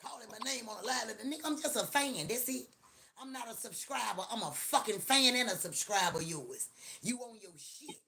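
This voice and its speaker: Woman live-stream host, middle-aged, bright edgy tone, loud cussing joking rant. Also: on the high side, animated, fairly quick, creaky. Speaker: livestream host. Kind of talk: casual live-stream chat.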